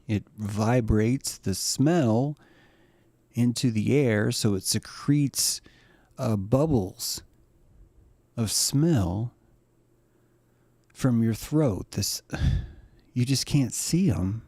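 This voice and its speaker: A man rambles through a comedic monologue as host, swearing freely and cracking himself up. His voice sits at an ordinary middle pitch. The sound is dry and close-miked. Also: drawn-out words, long pauses, a little mellow, no room sound.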